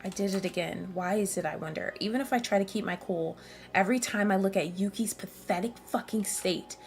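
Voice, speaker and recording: A woman's voice: medium pitch, brisk, darkish tone, faint music behind, close to an everyday voice. A woman reading a scornful teen girl. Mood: brooding. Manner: cold, mocking, insulting. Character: sharp-tongued teenage girl, cutting and scornful.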